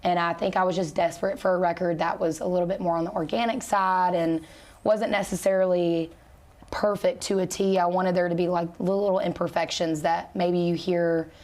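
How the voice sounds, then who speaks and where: A woman singer being interviewed, talking in a relaxed, chatty way with easy laughs and plenty of fillers. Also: lowish voice, brisk. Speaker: country singer and guest. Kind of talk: casual interview chat.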